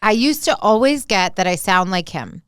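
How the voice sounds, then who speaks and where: A woman co-hosting a podcast chats with a friend in a playful, gushing way. Her voice is smooth and resonant at a middle pitch, and the sound is close and dry with no room echo. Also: lively intonation, moderate pace, a bit bright. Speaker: podcast co-host. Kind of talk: casual chat.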